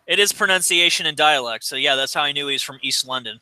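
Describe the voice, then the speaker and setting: Midwestern man, high, piercing bright voice, blunt and cocky. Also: quick pace, clear, resonant tone, dry recording, poor audio. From American Midwest. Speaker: guest. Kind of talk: casual chat.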